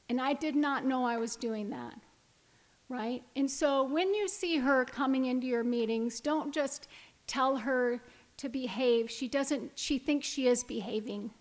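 A woman in her fifties speaks in a high voice as she tells her own story to a recovery meeting. She is candid and talks like a storyteller, often laughing her way through the emotional stretches. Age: 50s. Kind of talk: personal testimony talk.

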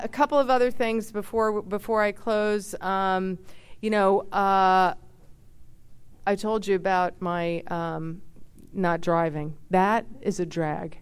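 A woman in her fifties telling personal stories in a chatty, expressive way. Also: mid-range voice, clear, resonant tone. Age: 50s. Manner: chatty, expressive, many fillers and asides. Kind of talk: casual personal storytelling.

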